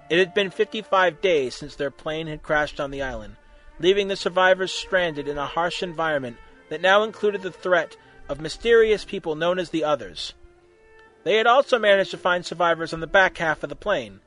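A man reading a fan-made story aloud, narrating in a lively, wry way. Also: fairly high pitch.

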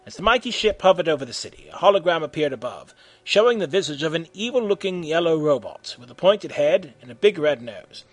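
A man narrating a comic story in a deadpan, matter-of-fact way. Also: a little high, a little fast, dry recording.

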